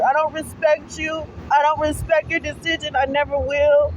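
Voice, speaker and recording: A woman's voice: high-pitched, steady tone, moderate pace, few pauses, crowd noise. A woman crying and ranting angrily at a bus stop, talking into her phone camera with plenty of swearing. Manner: angry, tearful, profane, repetitive. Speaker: mother posting a video appeal. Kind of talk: emotional selfie vlog rant. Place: outdoors at a city bus stop. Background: faint street traffic and passersby.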